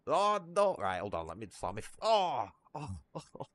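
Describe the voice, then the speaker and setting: A man's voice: medium pitch, wildly swooping pitch, moderate pace, a bit bright. A man with a northern Lancashire accent chatting casually on a livestream, rambling, swearing freely and laughing at himself. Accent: northern English, Lancashire.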